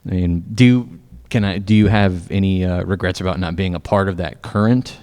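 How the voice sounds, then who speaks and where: A man interviewing a guest at a convention, asking questions in a relaxed, chatty way. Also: sits low, brisk.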